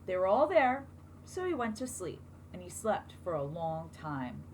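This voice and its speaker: A woman teacher reading a picture book aloud to children, expressive and asking them questions along the way. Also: fairly low pitch, measured pace, a little hiss or hum, low-quality recording.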